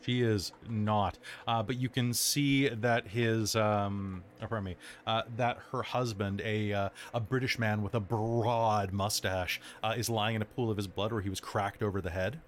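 Male game master, plain middle pitch, halting narration, faint background hum. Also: fairly even intonation. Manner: halting, many fillers while improvising.

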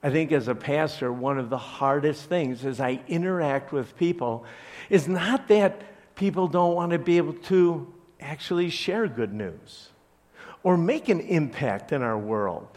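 A man's voice: a little high, lively intonation, unhurried, a little mellow. A man from Chicago, a pastor, preaching a conversational sermon to his church with joking asides. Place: church service.

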